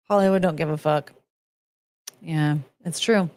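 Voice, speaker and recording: A woman's voice: lowish voice, steady tone, normal speed, darkish tone, dry recording. A woman hosting a casual livestream who rambles, chats to her pet and breaks into bits of song. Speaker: podcast host.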